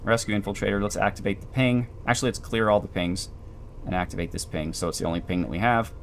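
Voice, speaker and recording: A man giving calm, dry, explanatory commentary while playing a video game. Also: on the low side, fast, vocal fry, a little hiss or hum. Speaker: gameplay commentator. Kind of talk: let's play commentary.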